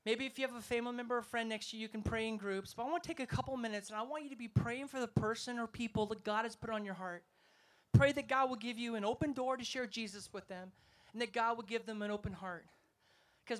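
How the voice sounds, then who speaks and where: The evangelist, a man with a very high and fairly bright voice, preaches at a quick pace during a festival sermon. His delivery is emphatic and rousing, woven with storytelling.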